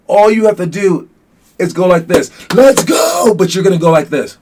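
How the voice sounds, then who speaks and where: A man with a mid-range voice gives young basketball players a casual pep talk, rambling with plenty of restarts and fillers. He grows more animated as he goes.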